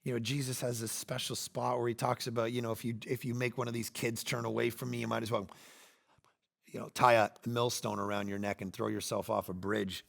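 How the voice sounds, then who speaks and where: A man in his forties preaching a sermon, animated, swinging between loud bursts and quiet asides. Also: mid-range voice, brisk, creaky. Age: 40s. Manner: acts out quoted lines in playful voices. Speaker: pastor.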